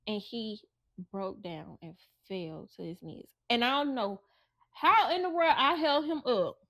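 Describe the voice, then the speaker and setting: A woman's voice: a little high, expressive, unhurried, fairly bright tone, no echo. A woman who co-hosts a podcast, telling an emotional personal story and acting out the voices of her relatives. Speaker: podcast co-host.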